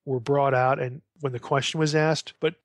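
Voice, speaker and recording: A man's voice: mid-range voice, steady tone, moderate pace, dry recording, clean studio sound. A man giving an informal lecture on scripture, talking conversationally, often restarting phrases and reading passages aloud. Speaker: Bible scholar lecturing.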